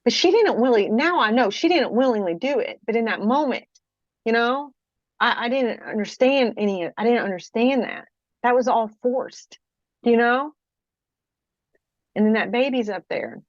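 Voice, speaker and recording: A woman from Kentucky giving a personal testimony in an interview, halting, restarting her sentences and often checking in with the listener. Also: a little high, lively intonation, no echo, dull audio. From Kentucky, USA. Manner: halting, frequent restarts, keeps checking with "okay?". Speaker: guest.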